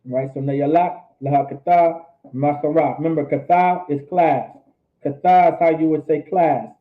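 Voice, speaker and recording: A man teaching a language lesson, repeating phrases slowly and explaining them. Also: a little high. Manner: slow, repetitive drilling of phrases. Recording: tinny phone-like audio.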